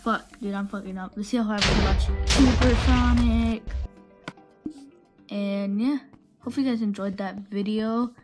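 Brief: woman hosting a gameplay voice-over, casual, rambling, foul-mouthed trash talk, loud game music under the voice. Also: mid-range voice, fairly even intonation, a little slow, poor audio. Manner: rambling, profane, trash-talking. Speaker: gaming channel host.

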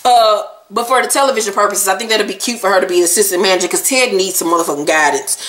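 A woman's voice: mid-range voice, fast, a bit bright. A woman recapping a reality show in a casual vlog, brash, sassy and swearing freely. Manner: brash, sassy and profane, with blunt jokes. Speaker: vlogger reviewing reality TV. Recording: echoey room recording.

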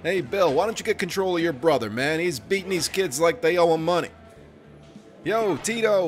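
A gaming commentator delivers profane, joking let's play commentary, talking back to the on-screen characters. His voice sits high and he keeps a moderate pace. Music plays behind him in the recording.

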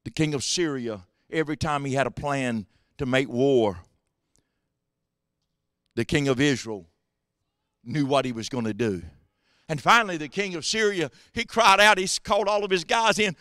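A man preaching a sermon as pastor, swinging between quiet asides and shouted exhortations. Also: fairly high pitch, moderate pace, long pauses, no room sound, clean studio sound. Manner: swings from hushed to shouting, drawling preacher cadence. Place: church sanctuary.

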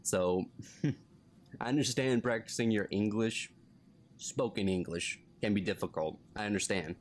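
A man's voice: on the low side, measured pace. A man giving casual let's play commentary, chatty and laughing often. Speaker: gaming YouTuber.

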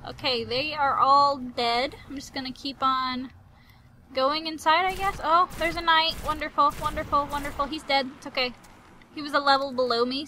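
A woman streaming a video game with high, very bright, bubbly commentary. She is playful and excitable, teasing enemies and tossing in goofy sound effects. A faint hum of noise sits under her voice. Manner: makes silly sound effects. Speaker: gaming channel host. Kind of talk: let's play commentary.

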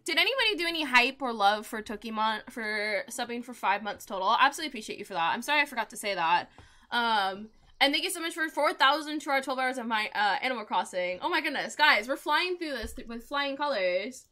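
A young woman live-streams a game and chats to her viewers casually, giggling, rambling and telling stories. Her voice is on the high side, pushed and bright.

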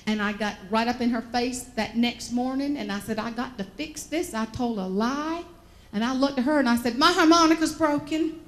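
A woman from the American South, telling folksy, animated stories as a motivational speaker and acting out the voices in them. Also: fairly high pitch, moderate pace, slight background noise. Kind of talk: storytelling keynote speech.

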